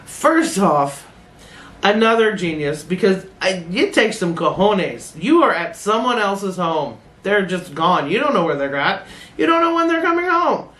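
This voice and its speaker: A woman's voice: mid-range voice, very animated, a little slow, a bit bright. A middle-aged woman hosting a casual reaction video, blunt and laughing, swearing freely as she comments. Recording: roomy echoey room.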